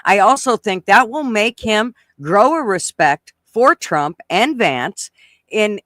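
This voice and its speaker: Man co-host, casual chat, high voice, blunt and profane, dry close mic. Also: expressive, slow, bright, forceful tone, no echo. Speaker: podcast co-host.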